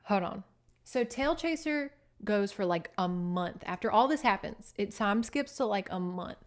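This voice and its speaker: A woman hosting a casual book-recap podcast, chatty, animated and freely profane. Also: mid-range voice, unhurried. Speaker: podcast host.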